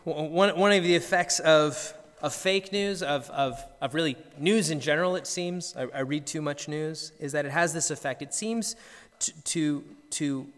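Brief: male pastor, fairly high voice, earnest sermon storytelling, long church reverb. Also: normal speed, fairly bright tone. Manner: earnest storytelling with frequent word repeats. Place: church sanctuary.

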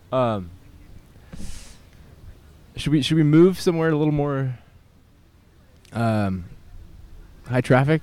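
A man's voice: medium pitch, lively intonation, a little slow, pauses often, darkish tone, smooth, no room sound. A young man vlogging alone outdoors in a city park, rambling hesitantly and self-consciously. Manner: hesitant and self-conscious, with nervous laughs and many fillers. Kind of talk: rambling solo vlog.

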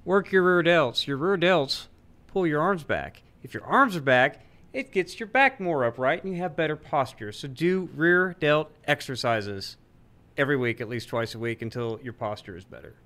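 Debate guest guy, emphatic and teasing, bright smooth voice. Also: a little high, expressive, moderate pace. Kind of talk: livestream debate discussion.

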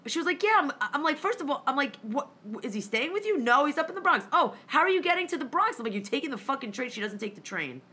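A woman with a high, bright voice tells a story in loose, casual chat. She swears constantly and acts out every line of dialogue herself. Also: quick pace, few pauses. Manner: profane, animated, acts out dialogue.

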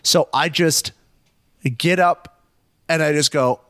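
A young man telling a story in casual chat, animated, swearing often and acting out quotes. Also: a little high, slow, clear, resonant tone, no room sound, studio quality.

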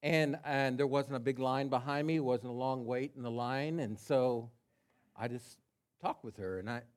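Male pastor, sermon delivery, conversational, mid-pitched voice. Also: moderate pace. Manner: conversational storytelling with quiet asides.

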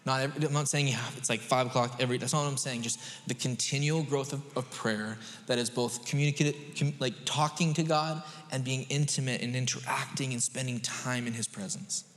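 A man preaching a sermon as a pastor, conversational and animated, rising to emphatic peaks. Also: medium pitch, brisk, hardly any pauses. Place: church sanctuary. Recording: long reverb of a large hall.

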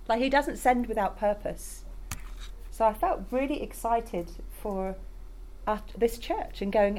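A woman's voice: on the high side, measured pace, darkish tone, slight background noise. A woman preaching a sermon in a conversational, enthusiastic way, speaking directly to her congregation. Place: church in Rotterdam.

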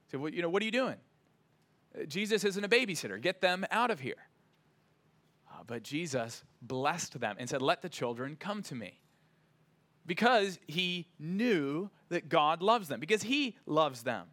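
A man's voice: fairly high pitch, bright, forceful tone. A man preaching a sermon as pastor, earnest and emphatic, often tagging "right?" onto his points.

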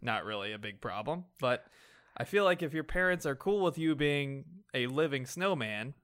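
Smooth-voiced man, wry and joking. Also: mid-range voice, animated, normal speed, fairly bright tone. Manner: wry, joking, laughs through lines. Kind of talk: casual chat about comics.

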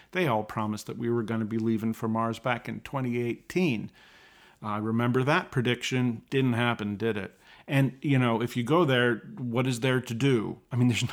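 Male podcast host, mid-pitched voice, sarcastic running commentary, mocks others with exaggerated voices.

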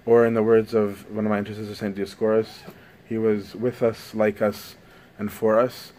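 A man's voice: fairly low pitch, flat delivery, moderate pace, warm tone, a little hiss or hum. A man giving a conversational sermon, often asking "right?" as he goes. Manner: conversational, frequent "right?" tags.

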